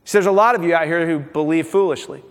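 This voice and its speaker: A male pastor preaching a sermon, animated and acting out the voices he quotes. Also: fairly high pitch, quick pace. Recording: long reverb of a large hall.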